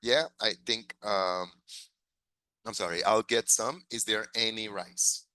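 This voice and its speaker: A man who grew up in the United States, teaching an online English class, switching into Spanish, laughing often and modeling phrases slowly. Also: on the low side, fairly even intonation, pushed and bright, clean tone, no echo.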